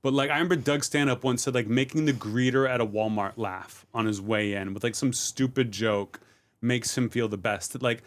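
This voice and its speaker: Relaxed rambling middle-aged man. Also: medium pitch, normal speed. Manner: relaxed, rambling storytelling with many fillers. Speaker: comedian guest. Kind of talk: casual podcast chat.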